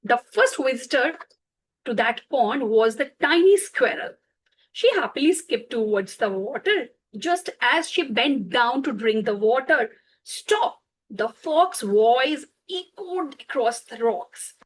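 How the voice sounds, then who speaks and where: Slow high-voiced woman telling a bedtime story. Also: expressive, rough recording. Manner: slow, explains words for children, frequent fillers and self-corrections.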